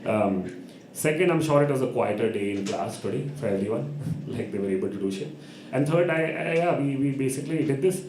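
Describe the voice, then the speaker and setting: A man telling an animated story at an open mic, acting out voices and laughing often. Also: medium pitch, fairly quick, echoey room, a little hiss or hum. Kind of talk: storytelling on stage. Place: live open mic venue.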